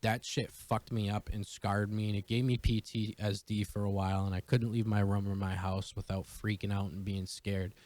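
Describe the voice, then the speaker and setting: A man's voice: lowish voice, flat delivery, darkish tone. Swearing young man telling a story. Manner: profane, fast-rambling retelling. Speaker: vlogger. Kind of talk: casual storytelling.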